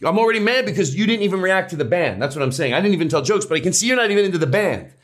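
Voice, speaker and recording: A male comedian as an interview guest, talking in rambling, animated bursts with restarts and swearing. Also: sits high, racing. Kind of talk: casual interview chat.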